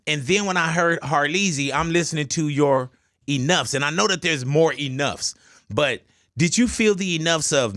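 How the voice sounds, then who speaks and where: A man's voice: fairly high pitch, moderate pace, a bit bright, dry recording, clean studio sound. A man hosting a casual radio interview, loose and joking, talking in slang. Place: radio studio.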